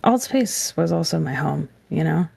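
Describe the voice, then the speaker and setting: A woman's voice: low voice, animated, normal speed, creaky, mellow, husky, dry recording. A woman speaking earnestly and from the heart in a casual group chat.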